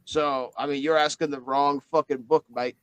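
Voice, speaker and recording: A man's voice: a little high, steady tone, normal speed, clear, resonant tone, no room sound, natural voice, poor audio. A man voicing a crude male spirit trapped in a book, with a put-on Australian accent. He swears a lot and calls everyone mate. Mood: exasperated. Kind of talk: tabletop game character voice.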